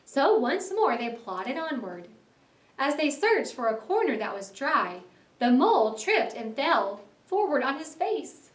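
Expressive woman teacher reading aloud. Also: high-pitched, a little slow, echoey room, far from the mic. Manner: expressive, explains words to children. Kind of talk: read-aloud lesson narration.

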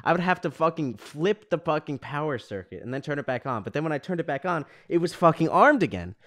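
A man's voice: a little high, sing-song, quick pace, a bit bright. Profane, exasperated young man ranting. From New York. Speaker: podcast host. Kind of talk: ranting casual monologue.

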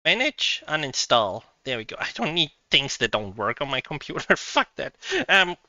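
A woman streaming a game live from her home computer setup, thinking out loud, laughing often and swearing freely. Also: fairly low pitch, big pitch swings, unhurried, long pauses, no room sound, highs cut off.

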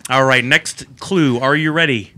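A man's voice: medium pitch, measured pace, bright, forceful tone. A man hosting a casual quiz game on a podcast, playful and teasing. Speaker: quiz host.

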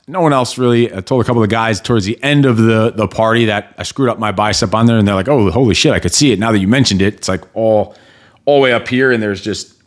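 A man hosting a solo podcast, speaking with a blunt, motivational edge and casual swearing. His voice sits at an ordinary middle pitch for a man. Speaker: podcast host.

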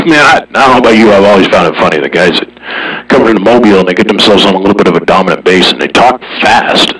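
A man with a low, husky voice chatting casually on the radio. He jokes and banters in a laid-back way, sounding distant from the mic. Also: animated, fairly quick, fairly bright tone. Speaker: radio operator.

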